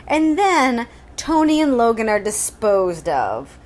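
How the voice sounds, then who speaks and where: A woman's voice: a little high, big pitch swings, unhurried. A woman co-hosting a podcast, recapping a book from her notes in a wry, giggly way. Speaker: podcast co-host. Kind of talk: casual book-recap chat.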